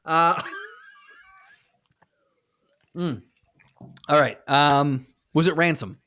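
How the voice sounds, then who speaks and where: A man's voice: fairly high pitch, very slow, pushed and bright. A man co-hosting a podcast in casual chat, rambling through joking guesses and repeating words while he thinks. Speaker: podcast co-host.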